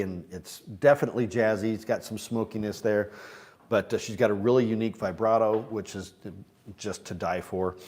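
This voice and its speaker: A man hosts a morning livestream with a relaxed, chatty delivery. He reads out viewer comments and talks back to them, and his voice sits a little on the low side. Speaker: livestream host selling instruments. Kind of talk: casual live-stream chat.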